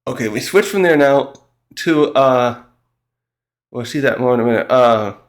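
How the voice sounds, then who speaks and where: Recapping a manga chapter, a man who reviews manga talks casually in an expressive, mid-range voice. His speech is rambling and halting, broken up by laughter and by his performing the characters' dialogue.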